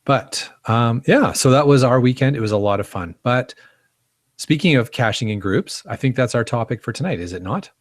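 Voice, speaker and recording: A man's voice: mid-range voice, expressive, moderate pace, dry recording. A man co-hosting a casual podcast, telling stories with easy enthusiasm. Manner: chatty, enthusiastic storyteller. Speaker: podcast co-host.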